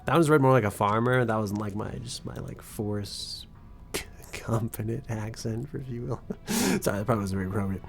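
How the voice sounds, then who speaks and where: A man's voice: on the low side, lively intonation, moderate pace, vocal fry. A young man streaming a game, giving casual, profane, rambling and joking commentary. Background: faint background music.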